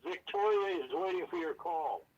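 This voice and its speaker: A man on a phone call, calmly placating and steering the talk back to the task. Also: high-pitched, moderate pace. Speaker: caller. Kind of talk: phone conversation.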